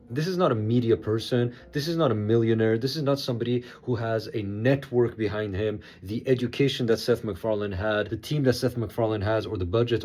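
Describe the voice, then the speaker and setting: A man's voice: on the low side, darkish tone. An Iranian man hosting his channel, giving sarcastic, impassioned commentary to camera. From Iran. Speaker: channel host.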